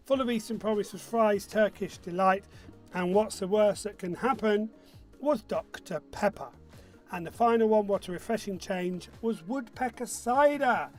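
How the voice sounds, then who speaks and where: A man hosting an online pub quiz in a chatty, jokey way, reading out answers and team scores. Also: sits high. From northern England. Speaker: quiz host.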